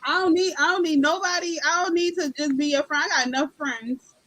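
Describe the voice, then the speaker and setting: A woman with a New Orleans accent, co-hosting a casual radio chat, talking in an animated, emphatic way. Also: high voice, a little fast. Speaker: co-host.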